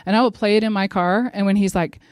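Animated woman giving a devotional talk. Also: medium pitch, fast, clear, resonant tone, no echo, studio quality. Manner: animated storyteller who acts out quotes and speaks directly to her listeners. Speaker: devotional speaker. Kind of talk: religious devotional talk with personal story.

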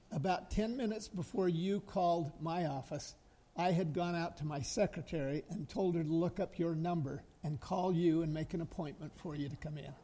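Earnest older man telling a story. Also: high voice. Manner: earnest, gently humorous. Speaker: speaker sharing a personal story. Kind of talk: storytelling talk.

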